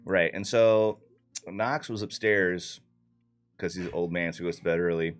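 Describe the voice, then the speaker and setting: A man's voice: low voice, normal speed, clean tone, soft background music. A man loosely recapping a tabletop game session in casual, profane talk full of fillers. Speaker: player recapping the campaign.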